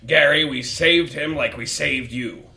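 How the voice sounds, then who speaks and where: A man's voice: fairly high pitch, measured pace, gravelly, sharp tone. A man playing a tabletop game in character, easygoing and sly. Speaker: player.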